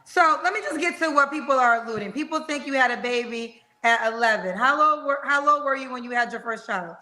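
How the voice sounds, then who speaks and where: A woman's voice: high-pitched, fairly quick, pushed and bright, low-quality recording. A woman interviewer asking probing questions and checking facts step by step.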